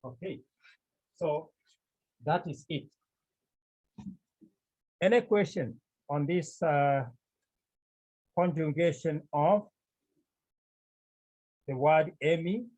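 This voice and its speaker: A man with a Cameroonian accent teaching a Greek class, speaking slowly and deliberately, often checking with his students. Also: fairly high pitch, a little mellow. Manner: slow, deliberate, repeats key points and checks with "Okay?". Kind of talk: classroom lecture. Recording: tinny phone-like line.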